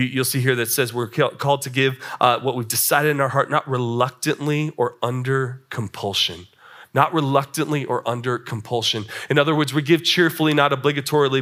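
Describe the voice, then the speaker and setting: A young man preaching a sermon to young adults, animated and acting out little scenes, often repeating words as he starts. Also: mid-range voice. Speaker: young adult ministry pastor.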